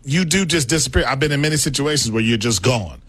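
A man's voice: medium pitch, animated, fast, a bit bright, husky. A male sports radio co-host teasing his partner in casual banter, laughing often and talking over him.

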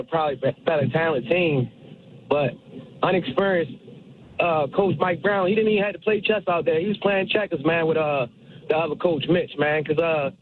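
A man calling into a radio show, rambling and repeating himself, often saying man. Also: a little high. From Baltimore area. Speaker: caller. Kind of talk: radio call-in. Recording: tinny phone line with faint noise.

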